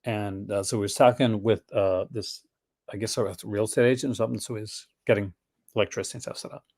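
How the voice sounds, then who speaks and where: A man's voice: lowish voice, steady tone, quick pace, a little mellow. A man from Newfoundland with a mixed Canadian and Newfoundland accent, hosting a casual livestream chat and telling stories with lots of laughter. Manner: chatty, laughs often, retells stories with voices. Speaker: host.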